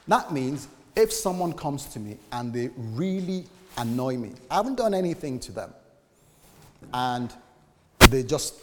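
A man's voice: medium pitch, darkish tone, a little hiss or hum. A male pastor preaches in a chatty way, asking his listeners rhetorical questions. His mid-range voice carries a long reverb, as if spread through a large church. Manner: conversational preaching with acted-out examples and rhetorical questions. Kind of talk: sermon. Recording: echoey hall.

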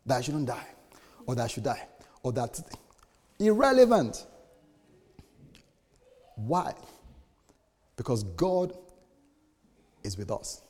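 A man preaching a sermon as a pastor, animated, jumping to sudden high bursts and then dropping low and quiet. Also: measured pace, long pauses. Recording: long reverb of a hall.

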